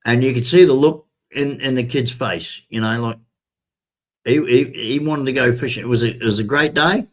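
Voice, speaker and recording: A man's voice: mid-range voice, normal speed. An older man, telling a rambling story straight to his viewers in a chatty, repetitive way. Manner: chatty, repetitive, addresses viewers as ladies and gentlemen. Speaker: vlogger. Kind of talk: casual storytelling to camera.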